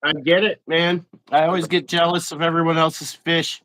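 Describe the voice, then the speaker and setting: A man's voice: fairly high pitch, level tone, normal speed, sharp tone, slight background noise. A man hosting a casual interview, cheering on his guests and reading out viewer questions with enthusiasm. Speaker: host, interviewer.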